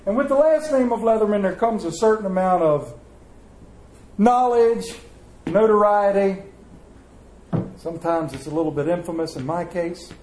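Folksy male pastor with a high voice, telling stories from the pulpit in an echoey church. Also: animated, moderate pace, pauses often, darkish tone, slight background noise. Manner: folksy storytelling, acts out voices. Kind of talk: sermon.

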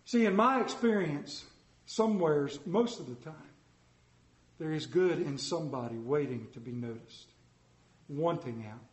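Preacher man, high voice, playful animated storytelling, echoey room. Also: measured pace. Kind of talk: storytelling sermon.

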